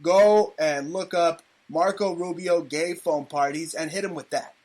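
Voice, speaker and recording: A man's voice: on the high side, steady tone, a little slow. A male talk show host delivering a crude, mocking political rant. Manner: loud, profane, mocking.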